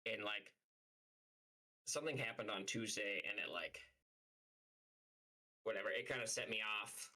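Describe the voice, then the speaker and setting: A man's voice: lowish voice, unhurried, long pauses, pushed and bright, low-quality recording. A young man casually telling a story on a live stream, rambling and swearing often, with lots of "like". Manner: profane, rambling, heavy use of "like".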